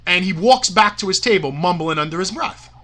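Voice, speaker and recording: A man's voice: high-pitched, animated, a little fast, bright, forceful tone. A man, a promoter, telling a heated story as a radio show guest, swearing often, repeating "you know" and tripping over his words. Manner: angry, profane rant with many "you know" fillers and stammered restarts. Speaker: wrestling promoter.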